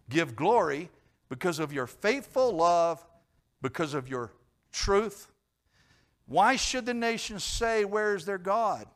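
A man preaching a sermon in church, questioning his congregation and swinging between emphatic loud lines and quiet low ones. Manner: repeats and restarts words, asks questions of the congregation. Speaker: pastor.

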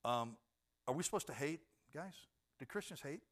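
A man's voice: fairly high pitch, expressive, moderate pace, a bit bright. A middle-aged man preaching a sermon in a conversational way, asking the congregation questions and acting out voices. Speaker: pastor.

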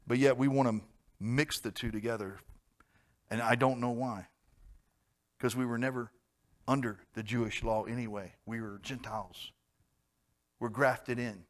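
A pastor preaching a sermon, swinging between loud, emphatic outbursts and quiet, gentle asides. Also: male voice, medium pitch, fairly even intonation, unhurried, long pauses.

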